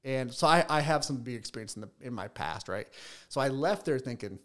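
With lively intonation, a fairly quick pace and a fairly bright tone, this mid-range male voice belongs to a bee business owner and beekeeper. He chats in a casual podcast interview, his stories riddled with restarts and repeated words.

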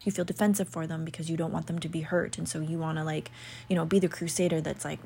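A woman chatting casually about astrology, rambling and full of "like" and "you know", sometimes dropping into soft whispery asides. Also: low voice, little pitch movement, quick pace, vocal fry, breathy edge. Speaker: astrology content creator. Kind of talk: casual chat.

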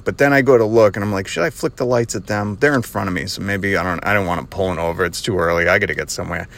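A man hosting his own podcast, telling a casual story with a lot of sarcasm and frequent laughter, recorded while driving. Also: lowish voice. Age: adult with children. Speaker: podcast host. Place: driving in a car.

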